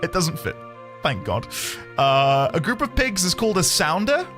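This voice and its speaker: A man's voice: a little high, big pitch swings, moderate pace, music in the background. A man streaming a video game, chatting casually and joking as he plays. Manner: playful, joking, bursts of laughter. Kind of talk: casual let's-play commentary.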